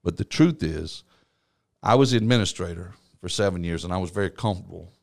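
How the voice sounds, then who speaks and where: Man, middle-aged, pastor, gravelly, lowish voice, folksy storytelling, laughs a lot. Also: a little fast. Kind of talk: storytelling conversation.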